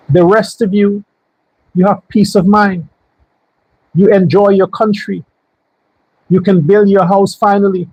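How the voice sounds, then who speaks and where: A man's voice: high-pitched, darkish tone, husky, no echo, low-quality recording. A man hosting a political commentary show, talking in a heated, blunt and profane way and firing off repeated rhetorical questions. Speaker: show host.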